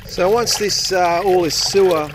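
A man's voice: high voice, unhurried, background noise. A man with an Australian accent filming his plumbing job on a handheld phone, chatting and joking casually to viewers outdoors. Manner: chatty and jokey, swears casually. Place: outdoors at a drain.

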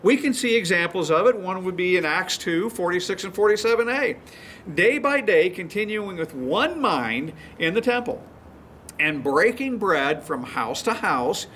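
High-voiced folksy man preaching. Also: pushed and bright, slight background noise. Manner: folksy storytelling with chuckles. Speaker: pastor. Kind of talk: sermon teaching.

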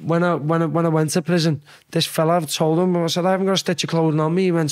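A man's voice: fairly high pitch, little pitch movement, fast, few pauses. A young man with a Scouse accent, a podcast guest telling rambling, sweary stories with acted-out quotes. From Liverpool. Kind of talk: casual storytelling chat.

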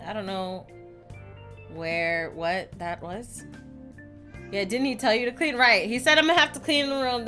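A woman giving casual, outspoken commentary while playing a story game. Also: mid-range voice. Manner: chatty, outspoken, reacting loudly to the story. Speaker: gameplay streamer. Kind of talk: casual let's-play commentary.

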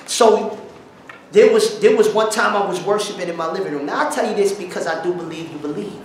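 Man, preacher, high voice, animated slangy sermon, distant mic, booming hall echo. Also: a little fast, a crowd in the background. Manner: animated, bursts into song and shouts while retelling; slangy street talk. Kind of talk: informal sermon storytelling. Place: church hall.

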